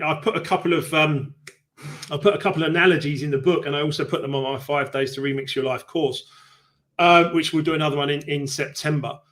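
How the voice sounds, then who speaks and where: Man, slightly high voice, live stream host, casual chat, animated, explains with analogies. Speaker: host of a live book club show.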